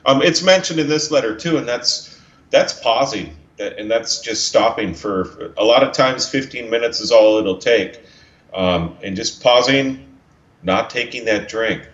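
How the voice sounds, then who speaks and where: A man's voice: mid-range voice, a little slow, a bit bright. A male co-host speaking plainly and steadily in a casual talk, recording from home. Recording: roomy, dull lo-fi sound.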